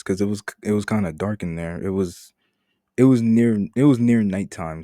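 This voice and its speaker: A man's voice: sits low, warm tone, dry recording, clean studio sound. A young man telling a story-time vlog in a casual, profane, rambling way with many restarts. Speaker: vlogger.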